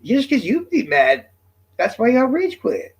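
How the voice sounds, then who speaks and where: A man rants at his viewers in a husky voice that swings up high and all over the place. He is profane and combative, and he talks straight to his audience in a livestream monologue. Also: huge pitch swings, measured pace, muffled recording. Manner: profane, combative, addressing chat directly. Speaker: streamer.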